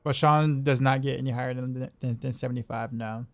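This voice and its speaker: A man's voice: medium pitch, steady tone, brisk. Laughing man streamer. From Southeastern United States. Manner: chatty, laughs often, repeats words. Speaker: game streamer. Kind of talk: casual chat while gaming.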